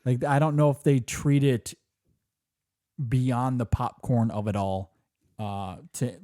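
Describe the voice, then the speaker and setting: A man chatting casually as a film podcast co-host, his voice mellow and warm at a middle pitch. He rambles enthusiastically and restarts his sentences often. The sound is close and dry. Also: steady tone, takes it slowly, no echo. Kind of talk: casual chat.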